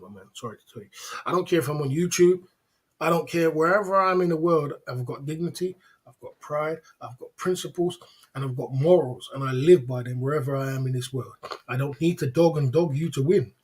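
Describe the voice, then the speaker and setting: Man, husky voice, livestream host, casual monologue, preachy, keeps asking rhetorical questions. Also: on the high side.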